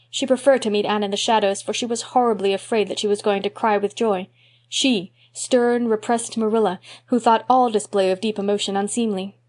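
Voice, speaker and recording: Woman narrating a classic novel. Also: medium pitch. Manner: measured, expressive storytelling. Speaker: audiobook narrator. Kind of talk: audiobook narration.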